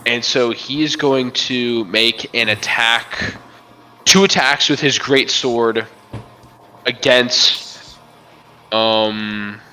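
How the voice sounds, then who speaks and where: A man's voice: medium pitch, drawn-out words, long pauses, bright, forceful tone. A young man running a tabletop game as game master, narrating in a casual, rambling way and swearing freely.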